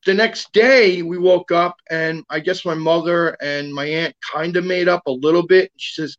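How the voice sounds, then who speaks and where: A man's voice: high voice, moderate pace, a bit bright, highs cut off. Man telling a rambling story. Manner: rambling, many fillers and restarts. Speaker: guest. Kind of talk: casual storytelling.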